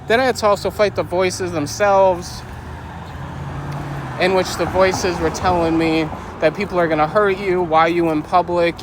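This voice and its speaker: A man with a high voice vents as he recounts his day, still agitated, his voice jumping up whenever he quotes people. Faint street and car noise sits behind him outdoors. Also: rough recording. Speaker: podcast host. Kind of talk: casual angry storytelling vlog.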